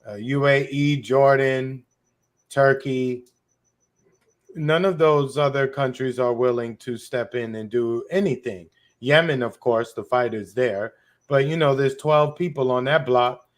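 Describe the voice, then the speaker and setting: A man's voice: medium pitch, unhurried. A man co-hosting a political podcast, speaking bluntly in casual slang with a sarcastic edge. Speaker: podcast co-host.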